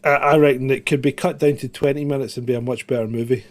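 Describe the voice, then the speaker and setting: A man's voice: mid-range voice, fairly even intonation, fast. A man in a casual podcast chat who jokes around and laughs often.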